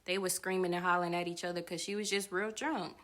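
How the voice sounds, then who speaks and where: A woman hosts a commentary channel, speaking directly to her viewers. She talks in a casual, opinionated way, and her voice has a bright, forceful edge. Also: on the low side, steady tone, quick pace.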